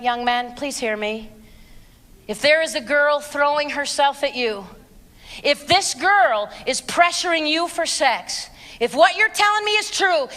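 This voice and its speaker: A woman's voice: high voice, pushed and bright. Blunt, sarcastic woman lecturing in a hall. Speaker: abstinence speaker. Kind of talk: fiery speech to students and parents. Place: large hall with a live audience. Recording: long hall reverb.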